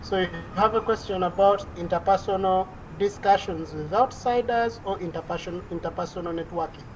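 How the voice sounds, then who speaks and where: A woman's voice: lowish voice, fairly quick, lo-fi sound, slight background noise. A woman lecturer teaching an online class over a video call, explaining at length with frequent "uh" fillers and restarts.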